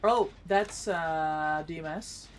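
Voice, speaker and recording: A woman's voice: low-pitched, takes it slowly, slight background noise. A woman streamer chatting casually with viewers while gaming, reacting to the play and greeting chat, eating as she talks.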